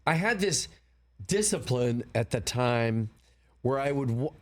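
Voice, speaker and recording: A man's voice: mid-range voice, a little slow. Older male producer telling stories. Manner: rambling anecdotes, animated quoting. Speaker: film producer, guest. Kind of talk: casual interview storytelling. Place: broadcast studio.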